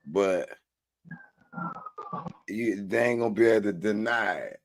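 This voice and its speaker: A man's voice: fairly low pitch, unhurried. A man musing and asking questions as a panelist in a casual group discussion.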